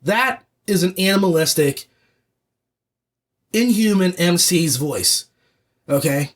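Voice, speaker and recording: Husky-voiced man ranting about audiobooks. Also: sits high, takes it slowly. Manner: animated, rambling, frequent restarts. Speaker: podcast host reviewing audiobooks. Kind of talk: casual opinionated review talk.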